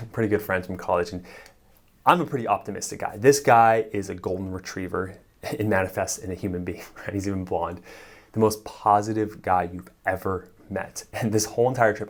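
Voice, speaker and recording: Man, relationship coach, somewhat low voice; casual animated storyteller, filler-heavy, chuckles between phrases. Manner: animated storyteller, frequent "like" and "right?", chuckles while talking. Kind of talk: casual advice monologue to the camera.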